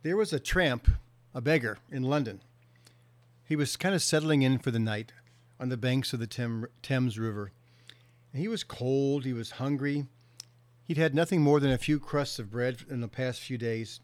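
Middle-aged guy counselor giving a talk, earnest, slows for emphasis, dry no-room sound. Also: mid-range voice, no room sound. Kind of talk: motivational talk.

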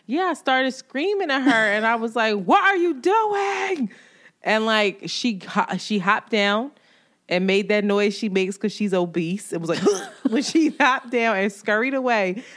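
A New York woman co-hosts a casual chat podcast, her voice medium in pitch, a bit bright, and moderately paced. She tells stories with lots of energy, swears freely, and laughs often.

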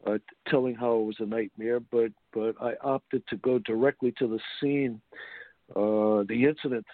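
A man being interviewed as an author, speaking haltingly with many restarts. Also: medium pitch, dry recording. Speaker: author guest. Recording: tinny phone-like line, dry.

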